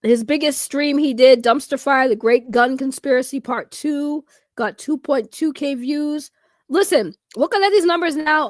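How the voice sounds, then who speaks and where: High-pitched lady ranting about youtube stuff, swears a lot, dry close mic. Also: moderate pace, dry recording. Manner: animated, profane, laughing, incredulous. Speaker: YouTube commentator. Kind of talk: casual commentary chat.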